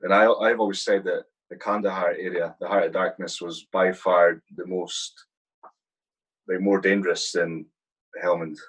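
A man's voice: low voice, level tone, normal speed, fairly bright tone, slightly rough, poor audio. A man, a fellow soldier, chatting casually in a podcast and reacting with easy chuckles. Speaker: soldier in the conversation.

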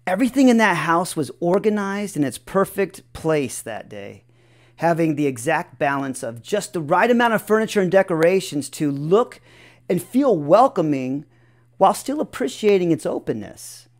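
A man telling a personal story in a reflective way, often chuckling between sentences. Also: sits high.

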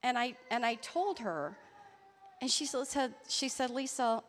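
A woman telling a personal faith story in an earnest, halting way. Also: on the high side, long reverb tail. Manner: earnest, halting storytelling with restarts and soft laughs. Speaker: church member sharing a testimony. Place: church hall.

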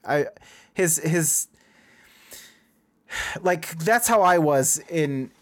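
A man in his thirties telling a story in casual chat, lively and acting out dialogue with a raised voice. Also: on the high side, drawn-out words, dry recording. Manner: animated, acts out dialogue in a raised voice.

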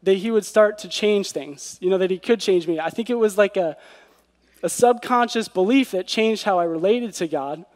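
A man's voice: high-pitched, normal speed, darkish tone. A man giving an earnest devotional sermon who often asks rhetorical questions. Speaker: preacher. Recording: long hall reverb.

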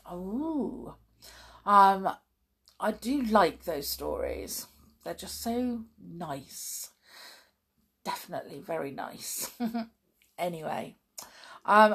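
A woman reading a children's story aloud as a podcast host, gentle and expressive. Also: medium pitch, vocal fry, husky. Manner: gentle, expressive, chatty sign-off.

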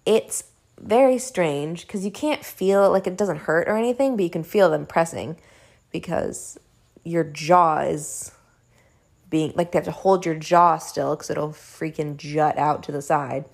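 A young woman casually telling a personal story at home, animated and chatty, with frequent "like" and casual swearing. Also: sits low, measured pace, vocal fry. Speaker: vlogger. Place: home room.

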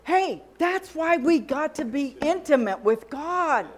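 A woman's voice: high voice, animated, slow. A middle-aged woman preaching a sermon, telling stories and acting out what was said to her. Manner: storytelling, acts out dialogue with God and others.

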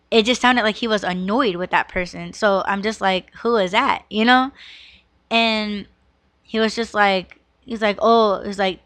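A woman in her thirties hosts a podcast, telling a personal story in a rambling, emotional way, swearing often and peppering her speech with "like" and "you know." Her mid-range voice sounds pushed and bright, with no room sound.

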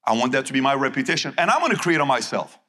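A man's voice: mid-range voice, animated, very fast, bright, forceful tone. A man giving a live seminar speech to an audience, emphatic and punchy, repeating his key phrases. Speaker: motivational speaker.

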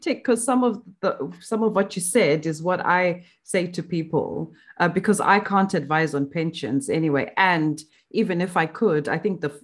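Chatty woman hosting a podcast. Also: lowish voice. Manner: chatty, quick to laugh, lots of fillers. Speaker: podcast host. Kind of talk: casual interview chat.

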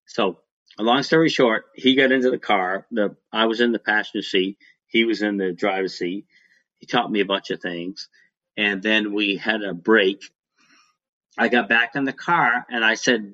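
Low-voiced man telling a folksy story. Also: normal speed, bright, forceful tone. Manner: rambling, folksy, laughs while telling stories. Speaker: interview guest, former racing driver. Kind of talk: casual storytelling. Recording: dull lo-fi sound.

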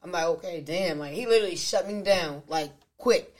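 A woman's voice: on the low side, a little fast. A woman co-hosting a podcast, telling a story in casual chat and acting out what others said. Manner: animated, acts out quotes. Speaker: podcast co-host.

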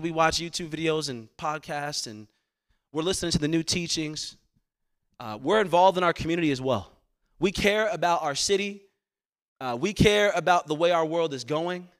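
A man's voice: a little high, moderate pace. A man as pastor delivering a sermon, earnest, repeating words as he presses his points. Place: church sanctuary.

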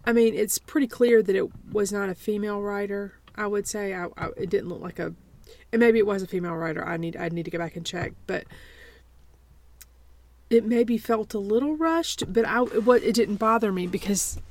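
A woman's voice: medium pitch, fairly quick, darkish tone. A woman co-hosting a podcast in casual chat, often hesitant and repeating her words as she thinks aloud. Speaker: podcast co-host.

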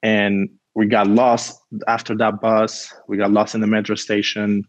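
A man's voice: fairly low pitch, monotone, a little slow, no room sound, highs cut off. A man from Cuba, a guest telling a story in a rambling casual way, full of "like", acting out what people said. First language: Spanish. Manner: rambling, heavy use of "like", acts out quotes.

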